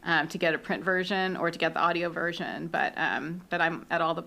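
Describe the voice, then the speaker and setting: A woman author chatting as a podcast guest in a library conference room, friendly and relaxed with frequent ums. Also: fairly low pitch, brisk, creaky. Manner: friendly, relaxed, many ums, light laughs. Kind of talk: casual interview.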